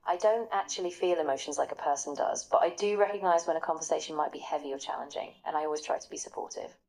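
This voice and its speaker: Encouraging low-pitched AI woman's voice. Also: fast talker, a little mellow, low-quality recording. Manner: upbeat, encouraging, polished. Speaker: AI voice assistant. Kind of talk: conversational practice partner.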